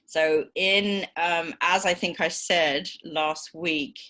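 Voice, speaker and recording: A woman's voice: on the low side, fairly even intonation, takes it slowly, pushed and bright. A woman with a British accent giving a university lecture, patiently explaining with frequent ums and okays. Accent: British English.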